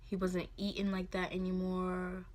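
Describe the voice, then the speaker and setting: A woman in her twenties telling a personal story to her phone camera, soft and halting with many fillers. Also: fairly low pitch, completely flat delivery. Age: 20s. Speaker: vlogger.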